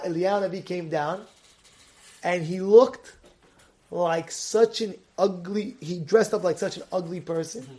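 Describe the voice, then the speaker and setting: A man teaching a Torah lesson, telling a story with much feeling and acting out its voices, swinging from loud calls to hushed lines. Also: high-pitched. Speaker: rabbi.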